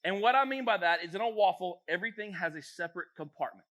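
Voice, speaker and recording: Fast-talking, bright-voiced man. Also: sits high. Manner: jokey, animated, acts out voices. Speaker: youth pastor. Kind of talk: casual talk to teens. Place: church youth room.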